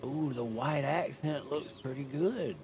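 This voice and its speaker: Over a noisy background, a man with a mid-range voice talks a little slowly while streaming a video game. His commentary is casual and chatty, and he thinks aloud while making decisions.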